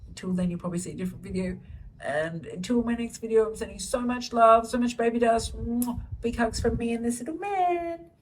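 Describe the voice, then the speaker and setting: A woman's voice: fairly high pitch, a little fast, a little mellow, recorded from a distance, a little hiss or hum, rough recording. A middle-aged woman chatting to camera about her children in a gushing, chatty way, recorded at home. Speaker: vlogger, solo mother. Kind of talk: casual chat to camera. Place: home, indoors, baby asleep nearby.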